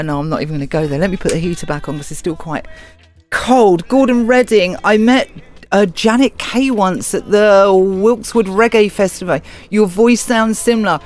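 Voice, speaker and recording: Chatty English woman hosting radio. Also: medium pitch. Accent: southern English. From England. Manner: chatty, reads out listener comments. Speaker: radio host. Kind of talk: casual live-stream radio chat.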